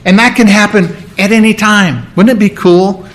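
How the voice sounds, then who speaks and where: A man preaching a sermon as a pastor, conversational and animated, often asking his listeners questions and joking, with sore ribs. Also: sits high, moderate pace. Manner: conversational, animated, asks the audience questions, jokes.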